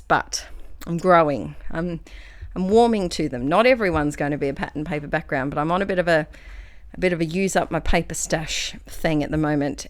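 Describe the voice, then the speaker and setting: A young Australian woman narrating her scrapbooking video in a chatty, rambling way, restarting phrases and slightly out of breath. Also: deep voice. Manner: chatty, rambling, self-correcting. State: a little out of breath. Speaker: craft vlogger.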